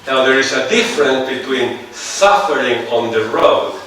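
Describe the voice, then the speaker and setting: A man with a non-native English accent giving a seminar lecture, musing slowly and often putting rhetorical questions to his audience. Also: mid-range voice, fairly bright tone, slight background noise. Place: large lecture hall. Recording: echoey hall, heard from far off.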